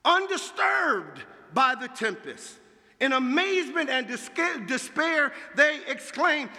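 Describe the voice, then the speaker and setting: Dramatic high-voiced preacher in an echoey hall. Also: male voice, big pitch swings, slow pace, creaky. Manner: dramatic, swinging from hushed to shouting. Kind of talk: sermon.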